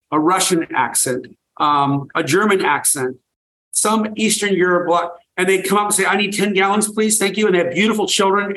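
This guest is an older man who farms raw milk, and he recounts stories with enthusiasm and emphatic repetition in an energetic interview. He has a fairly high, fairly bright voice, captured on a low-quality recording.

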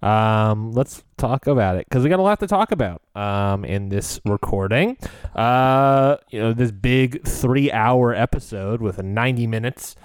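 A man's voice: medium pitch, a little slow, smooth, dry recording. A man co-hosting a podcast in casual chat, rambling and laughing often as he talks. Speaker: podcast co-host.

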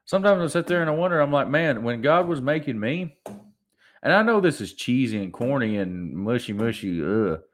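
A man's voice: mid-range voice, very animated, moderate pace. A young adult man hosting a solo podcast, ranting animatedly and mocking people in put-on voices. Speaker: podcast host.

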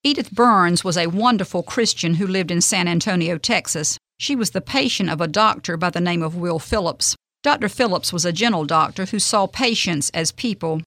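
A woman hosting a radio devotional, reading a faith story in an earnest, gentle, measured way. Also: on the low side, dry recording.

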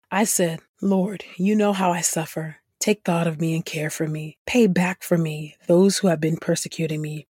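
Female scripture reader, husky mid-pitch voice, earnest, close dry studio sound. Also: mellow, no room sound.

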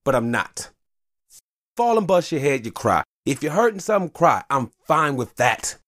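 A man's voice: on the high side, big pitch swings, moderate pace, fairly bright tone, no echo, clean studio sound. A man in his thirties hosting a podcast, ranting casually and profanely about fatherhood. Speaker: podcast host.

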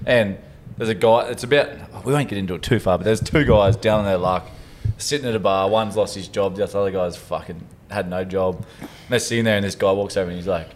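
A man's voice: lowish voice, slight background noise. A man, co-hosting a podcast in casual, crude, rambling banter. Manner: rambling, crude, laughing often. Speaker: podcast co-host.

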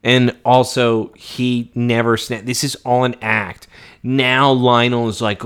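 A man's voice: medium pitch, flat delivery, slow, a bit bright, clear, resonant tone. A man co-hosting a casual rewatch podcast, recapping scenes and acting out character lines with laughter. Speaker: podcast co-host.

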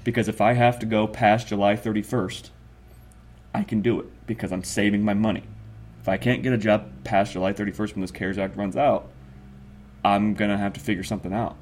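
Young man, lowish voice, halting, rambling, casual chat. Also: fairly even intonation, a little mellow, a little hiss or hum. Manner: rambling, halting, many restarts. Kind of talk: casual conversation.

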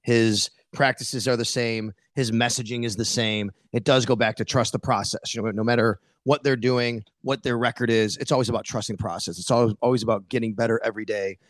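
A middle-aged sports beat reporter talks casually as a guest in an interview, animatedly telling stories, quoting himself, and using many fillers. His mid-range voice moves fairly quickly with hardly any pauses. There's no room sound.

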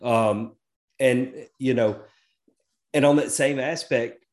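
A middle-aged man chats casually on a podcast. He is easygoing and folksy, and drifts into side remarks. His voice sits at an ordinary middle pitch. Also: slow, a little mellow. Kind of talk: casual chat.

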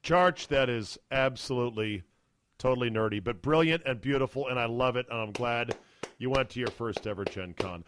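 A man's voice: medium pitch, moderate pace, fairly bright tone. A man hosting a podcast, talking casually and enthusiastically into a studio mic. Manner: chatty, enthusiastic, emphatic. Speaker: podcast host. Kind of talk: casual chat.

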